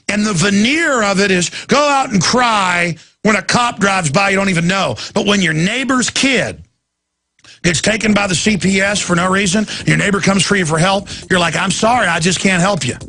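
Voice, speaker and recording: Middle-aged guy hosting talk radio, raspy gravelly voice, ranting and yelling. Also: sits high. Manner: ranting, emphatic, sometimes shouting. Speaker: radio talk show host. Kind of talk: impassioned talk radio monologue.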